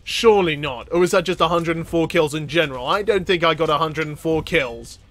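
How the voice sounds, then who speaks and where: Bright, high-voiced excitable gamer man. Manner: excitable, quick to laugh, bursts of loud exclamations. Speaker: gaming channel host. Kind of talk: excitable gameplay commentary.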